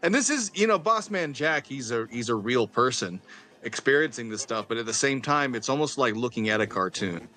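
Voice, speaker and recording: A man's voice: medium pitch, expressive, a little fast, sharp tone. A man chatting casually and rambling through his points during a game playthrough.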